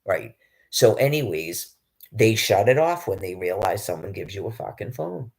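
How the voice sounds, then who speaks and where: A man's voice: lowish voice, very animated, moderate pace, creaky. A man in a rambling, agitated, profanity-laden monologue about being homeless, with frequent restarts. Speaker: public access show guest.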